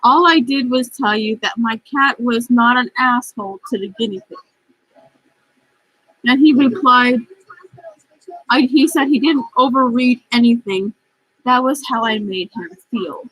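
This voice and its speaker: A woman's voice: fairly high pitch, fairly bright tone, slightly rough, no room sound, rough recording. A woman vlogging casually, reading out chat messages and venting in a frustrated, profane, rambling way while upset and stressed.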